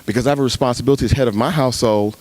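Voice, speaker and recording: A male pastor preaching at a men's retreat, swinging his pitch up high to act out his own cries to God and dropping low for quiet stories. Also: rapid-fire. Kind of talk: sermon. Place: retreat gathering room.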